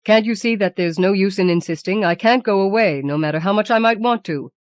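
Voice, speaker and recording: A woman's voice: medium pitch, a little fast, no room sound, natural voice. A woman reading the lines of a weary, evasive middle-aged husband in an audiobook, hesitant and pleading.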